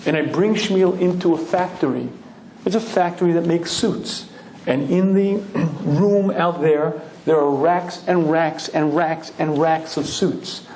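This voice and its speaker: A man, a rabbi, giving an animated storytelling Torah lecture and often clearing his throat. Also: fairly high pitch, a little slow, slight background noise. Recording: echoey lecture room.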